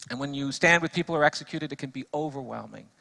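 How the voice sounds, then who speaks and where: A man, a defense lawyer, giving an earnest storytelling speech to a church audience. He drops soft in sad passages and builds to emphatic repetition when he preaches. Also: medium pitch, quick pace, gravelly.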